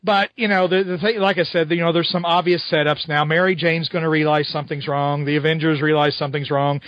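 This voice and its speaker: Man, podcast reviewer, high and bright, acts out every quote, close dry mic. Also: fast talker, no room sound, highs cut off. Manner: animated, acts out quotes, many fillers. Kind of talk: casual podcast comic recap.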